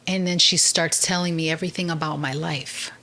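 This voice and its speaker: Woman, podcast guest, faith testimony, bright forceful tone, lowish pitch, acts out voices. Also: fairly quick, slight background noise. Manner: lively storyteller who acts out quoted people.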